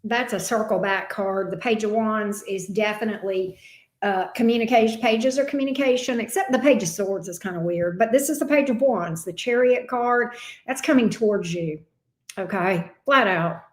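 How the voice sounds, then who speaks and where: A woman reads tarot on a live stream, chatty and emphatic, repeating each question aloud while shuffling. Her voice is medium-pitched at a normal speed, and the recording has a roomy echo.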